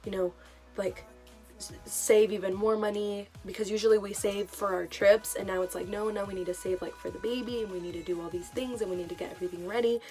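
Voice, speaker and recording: A young woman tells a personal story to her vlog audience in a loose, chatty way. She is emotional and full of fillers. Soft music plays faintly underneath. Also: mid-range voice, steady tone, quick pace. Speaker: vlogger. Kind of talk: casual storytime.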